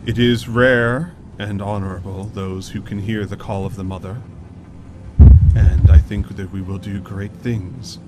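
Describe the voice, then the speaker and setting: A man voicing a calm, creepy male cult leader who sounds on the edge of madness. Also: fairly low pitch, very noisy, voice pushed down, lightly acted. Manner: slow, calm and collected, quietly unhinged.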